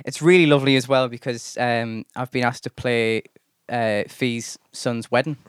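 A chatty man tells rambling gig stories over casual podcast chat. His voice is smooth and resonant. It sounds close and dry, with no room around it. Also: mid-range voice, steady tone, normal speed, no room sound. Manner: chatty storyteller, full of fillers and mock voices. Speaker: podcast host and solo gigging musician.

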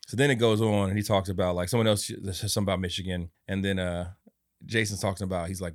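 A podcast co-host, this man talks fast and animatedly in casual chat, telling stories, acting out quotes, and laughing often. His voice sits low, and the clean studio sound carries no echo.

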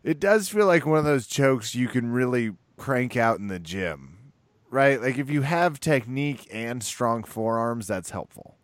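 Male co-host, animated and profane, dry booth sound. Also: medium pitch, a little slow, no room sound. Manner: animated, profane fight talk. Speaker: podcast co-host. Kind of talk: casual chat.

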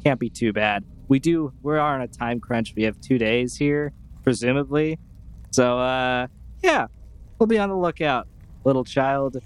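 A man's voice: medium pitch, a little slow, clear, resonant tone. A man playing a tabletop game in casual, joking chat. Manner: joking, playful. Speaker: player.

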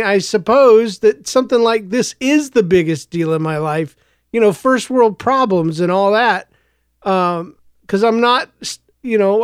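Podcast host, male, higher voice, hoarse from a cough, reflective rambling monologue in a dry booth. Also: no room sound. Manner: rambling and reflective, with frequent restarts. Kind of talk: casual solo podcast monologue.

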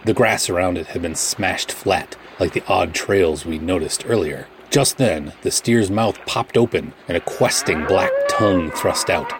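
Man narrating, very deep voice, measured and matter-of-fact, first-person pulp audiobook. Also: background noise.

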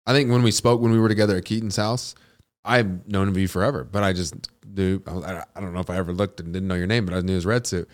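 A man's voice: low voice, fairly even intonation, fast talker. A man hosting a podcast interview, casual and affirming. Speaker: podcast host.

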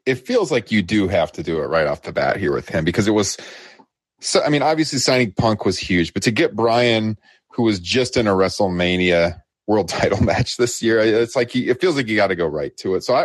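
Male podcast co-host, lower register, casual recap, dry close sound. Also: lively intonation, fairly quick, husky, dry recording. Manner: laughs often, quotes wrestlers with lifted pitch. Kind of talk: casual wrestling recap chat.

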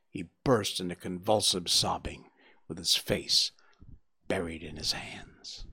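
A man narrating an audiobook in an expressive, dramatic reading style. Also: low-pitched, slow, gravelly, breathy edge, no echo, studio quality.

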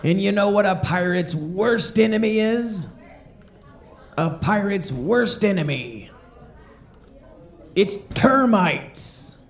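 A man as a jolly high-voiced pirate comic. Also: lively intonation, creaky, a loud crowd, exaggerated voice. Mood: cheerful. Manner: repeats each question, then slows down for the punchline. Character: jolly joke-telling male pirate comedian. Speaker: comedian. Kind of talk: family-friendly pirate joke routine.

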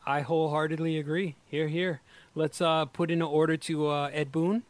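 A man in casual chat, reacting with loud exclamations, swearing and laughing often. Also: on the high side, flat delivery, normal speed, no echo.

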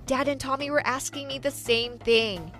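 A woman tells a first-person story in an earnest, dramatic way. Her voice sits high, with soft music playing underneath. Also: normal speed. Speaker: story narrator.

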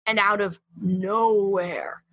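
A woman guest on a comedy podcast telling a story in a casual, chatty way, full of "like" and "um", with an animated retelling. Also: mid-range voice, takes it slowly, breathy edge, dry recording. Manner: chatty, heavy with "like" and "um".

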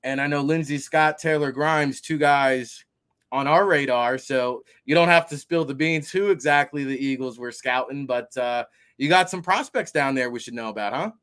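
A man with a New Jersey accent hosting a football talk show, chatty and energetic. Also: mid-range voice, moderate pace. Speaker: host. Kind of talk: casual sports interview.

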